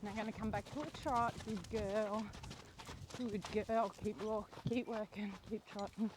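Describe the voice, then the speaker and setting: Slow-talking young woman coaching a horse. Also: mid-range voice, noisy background. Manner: calm coaching, softly praising the horse. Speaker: horse trainer riding. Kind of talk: narrated riding lesson while training a horse. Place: outdoor rural riding arena.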